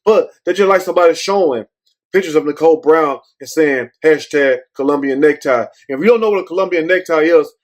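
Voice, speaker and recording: A man's voice: a little high, fairly quick. A man hosting a casual commentary show, rambling and blunt, often swearing and circling back with "but anyway.". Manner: blunt, profane. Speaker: show host.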